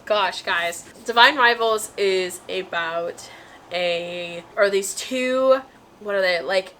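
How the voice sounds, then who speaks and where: A woman's voice: medium pitch, pushed and bright, slight background noise, poor audio. A young woman talking casually to her viewers about books, bubbly and chatty with lots of fillers. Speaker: book vlogger. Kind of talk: casual chat to camera.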